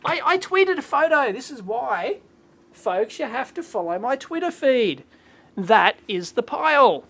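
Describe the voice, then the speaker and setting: A man in his thirties hosting a live electronics Q&A stream from a home workshop, casual and rambling, clearing his throat often. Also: extremely high pitch, sing-song, unhurried, a bit bright. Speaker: electronics video host.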